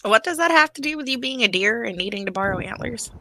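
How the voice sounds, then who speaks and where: A woman chatting as a player in a tabletop game, animated and quick to laugh. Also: a little high, vocal fry, no room sound. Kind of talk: casual tabletop chat.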